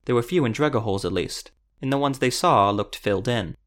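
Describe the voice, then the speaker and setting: A man narrating a fantasy audiobook in a steady, even storytelling manner. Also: mid-range voice, brisk.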